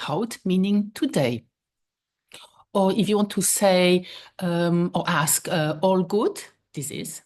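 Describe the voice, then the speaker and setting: A woman teaching a language lesson, repeating phrases slowly and checking in with the learner. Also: lowish voice, a little mellow.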